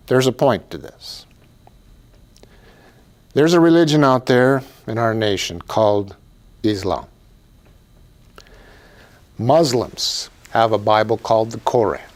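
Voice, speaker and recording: A man's voice: mid-range voice, expressive, slow pace, long pauses, a little mellow. A man giving an emphatic, preachy political commentary monologue as a write-in candidate, repeating phrases for effect. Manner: emphatic, repetitive, preachy delivery.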